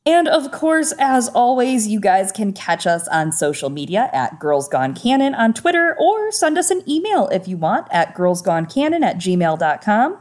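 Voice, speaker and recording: A woman co-hosts a podcast in relaxed, casual chat. She drops wry, sarcastic remarks. Her voice sits at an ordinary pitch. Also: moderate pace, few pauses. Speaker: podcast co-host.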